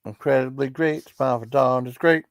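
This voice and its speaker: A man's voice: mid-range voice, moderate pace, creaky, dry recording, clean studio sound. A man hosting a livestream, chatting casually with viewers in a rambling, apologetic, reassuring way. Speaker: livestream host.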